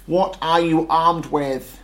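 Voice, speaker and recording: A gigantic storybook battle tank that roars in alarm and disbelief. A man acts it out with a raised, loud, strained voice. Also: fairly high pitch, fairly even intonation, slow pace, voice pushed up. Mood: roaring. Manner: loud, roaring, blustering. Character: huge roaring male battle tank.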